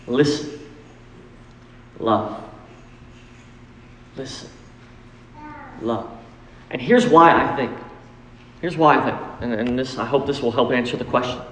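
A man's voice: mid-range voice, moderate pace, fairly bright tone, a little hiss or hum. A male pastor preaching a sermon, emphatic and rising into acted pleas. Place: church sanctuary. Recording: echoey hall with long reverb.

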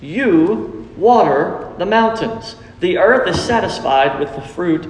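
A middle-aged man preaches a sermon with a fairly high voice, stressing his points by repeating them. The sound rings through a large reverberant hall with a faint hum of noise behind it. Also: expressive, slow pace. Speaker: pastor.

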